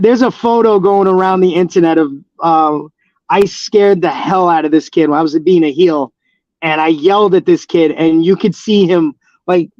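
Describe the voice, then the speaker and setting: A man's voice: on the high side, darkish tone, no room sound. Man, wrestler guest, rambling storyteller, lots of ums, muffled dry audio. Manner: rambling storyteller, many fillers and restarts, laughs easily. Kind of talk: casual interview chat.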